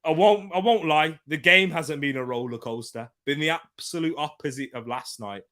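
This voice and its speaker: A man hosting a live football watchalong, excitable, laughing often and shouting out at near chances. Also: a little high, moderate pace.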